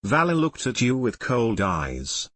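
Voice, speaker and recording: Animated male fan fiction reader. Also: mid-range voice, measured pace. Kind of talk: audiobook reading of fan fiction.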